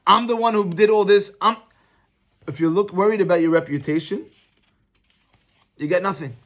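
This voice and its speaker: A middle-aged rabbi with a fairly high voice gives a casual Torah class, moving easily between the text and his own anecdotes. He talks in an animated, conversational way, like he's chatting with the room. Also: normal speed.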